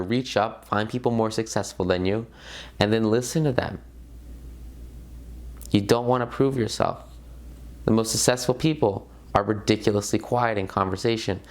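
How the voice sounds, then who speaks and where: A young man with a low, gravelly voice gives a casual online lesson. He talks in a loose, conversational way, full of fillers, and hits the key points hard. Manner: conversational, emphatic, filler-heavy. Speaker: course instructor.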